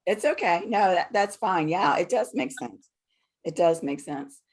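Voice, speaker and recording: A woman with a very low voice speaks slowly and softly, guiding a spiritual group. She sounds calm and reassuring as she hosts over a video call. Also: breathy edge. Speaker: host of a spiritual group session.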